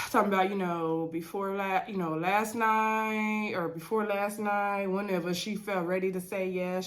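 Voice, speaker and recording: A woman with a cold, casually recapping a reality TV episode in a loose, chatty way, full of "y'all" and fillers. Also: mid-range voice. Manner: relaxed Southern-leaning casual talk with fillers and "y'all". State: congested from a cold.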